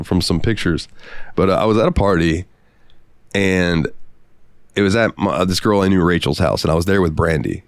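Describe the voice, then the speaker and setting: Man, podcast co-host, very low voice, dry close sound, swearing storyteller. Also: no echo. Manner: profane, animated anecdote-telling. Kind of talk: casual storytelling.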